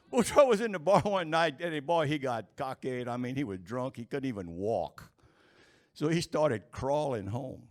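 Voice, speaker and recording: A man telling folksy jokes to a live audience, chuckling at his own punchlines in an unhurried drawl. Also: mid-range voice, expressive. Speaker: stand-up storyteller.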